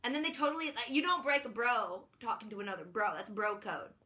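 A woman's voice: on the high side, brisk, bright, forceful tone. A young woman casually recapping a TV episode, chatty and playful, slipping into silly voices for the characters. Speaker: vlogger.

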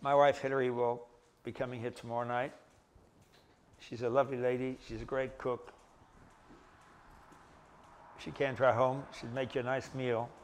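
A man giving a Bible lecture in a conversational way, pausing and restarting, with gentle self-deprecating humor. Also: mid-range voice, flat delivery, a little hiss or hum. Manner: halting, with restarts and pauses. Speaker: Bible teacher.

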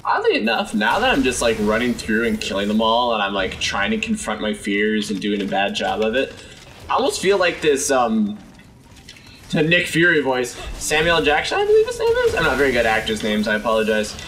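Let's-play host, young man, slightly hoarse; bright, animated delivery, faint ambience behind. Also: mid-range voice, fairly quick, distant mic, slight background noise. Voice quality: sore voice. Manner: chatty, exclaims and talks to enemies. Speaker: gameplay commentator.

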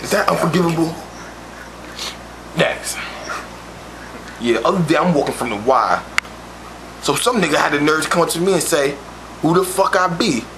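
Swaggering guy doing a crude comedy monologue, bit high voice, noisy recording. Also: animated, moderate pace, long pauses. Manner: boastful, swaggering street talk. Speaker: comedic storyteller.

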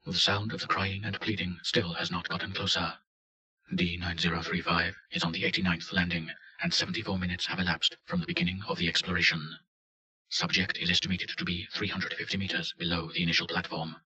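A man with a very low voice that still sounds forceful and bright. He reads a report in a flat, matter-of-fact tone, as scripted narration. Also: a little fast, lo-fi sound. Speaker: reader.

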